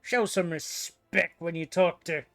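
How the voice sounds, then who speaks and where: A swaggering pirate marauder chief, put on by a man reading a game aloud, growling threats and insults in a rough, blustering voice pitched a touch high. The bluster sits over faint game music. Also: a little slow, a bit bright. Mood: boastful.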